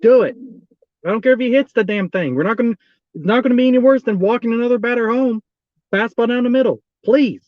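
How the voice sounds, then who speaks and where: High-pitched male fan streamer, dry dull lo-fi sound, keeps repeating himself in exasperation. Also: fast talker, no echo. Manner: exasperated, repeats the same pleas over and over. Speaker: fan streaming a live baseball watch-along. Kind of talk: live fan commentary.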